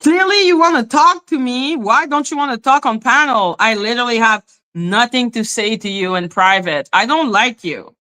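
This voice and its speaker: A woman's voice: a little high, normal speed, pushed and bright. A woman hosting a livestream, ranting in a blunt, profane and taunting way. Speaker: livestream host. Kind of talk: confrontational live-stream rant.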